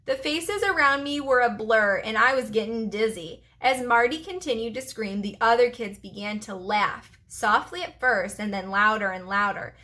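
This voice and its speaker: Bright-voiced woman reading a storybook. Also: mid-range voice, moderate pace, few pauses. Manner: expressive, warm storytelling. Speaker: preschool teacher. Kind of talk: reading a storybook aloud to children.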